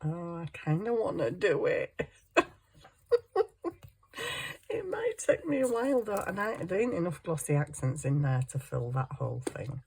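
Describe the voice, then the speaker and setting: A woman's voice: lowish voice, sing-song, unhurried, creaky, long pauses, a little mellow, slight background noise. A woman chatting casually to viewers and herself as she works on a wire craft project. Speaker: craft vlogger. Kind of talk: casual chat while crafting.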